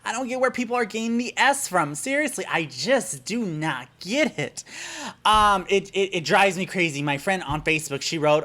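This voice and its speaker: A man from Germany, a YouTuber, giving a casual vlog lesson in a chatty, animated way that turns into exasperated pet-peeve ranting. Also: sits high, normal speed.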